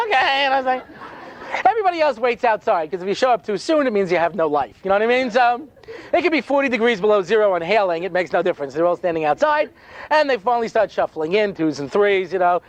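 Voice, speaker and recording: A man's voice: high voice, rough recording. A man speaking as a rabbi, telling stories with wry sarcasm and lots of asides in a humorous lecture.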